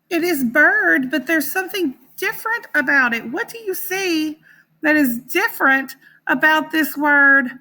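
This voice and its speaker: A woman teaching a phonics lesson to young children, sounding out words slowly and encouragingly. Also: sits high, sharp tone.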